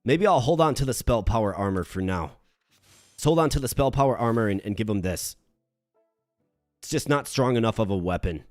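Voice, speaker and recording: A man from Minnesota streaming a game, chatting with his viewers and thinking his moves through out loud. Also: brisk, long pauses, no echo, studio quality, soft background music. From Minnesota, United States. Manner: animated when greeting chat, low and muttering while planning moves. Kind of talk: live-streamed game commentary.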